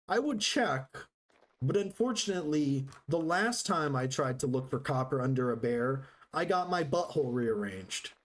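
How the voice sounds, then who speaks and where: A male streamer talks to his chat while he plays, joking and rambling with a sarcastic edge. His voice sits a bit high for a man and swings lively up and down. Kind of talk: casual live-stream chat while gaming.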